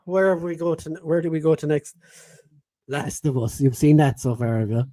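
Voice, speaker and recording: A man's voice: fairly high pitch, normal speed, warm tone, no echo. A man co-hosting a podcast, teasing and blunt in casual chat and reading out listener comments. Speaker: podcast co-host.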